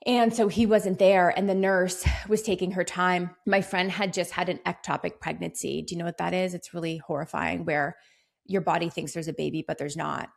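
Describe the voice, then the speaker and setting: A woman's voice: fairly low pitch, fairly even intonation, moderate pace, gravelly. A woman podcast host and business coach telling personal stories in a motivational solo monologue, acting out the lines of people in them. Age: 30s. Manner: warm storytelling, motivational, acts out quoted dialogue.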